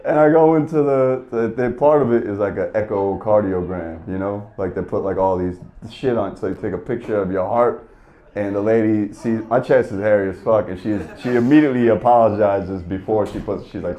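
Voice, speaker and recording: A man's voice: lowish voice, a little fast, lo-fi sound. A man doing stand-up comedy, telling a story as a profane, exasperated rant.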